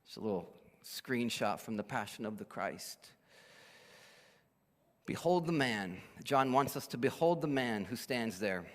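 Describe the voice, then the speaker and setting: A man preaching a sermon as pastor, emphatic and animated, dropping to a hush for weight. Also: mid-range voice, unhurried. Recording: echoey hall.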